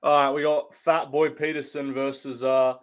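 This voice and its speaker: A man's voice: medium pitch, flat delivery, normal speed. A man hosting a live fight watch-along stream, ranting bluntly with lots of swearing and mocking the fighters while answering chat. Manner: blunt, profane, mocking rant.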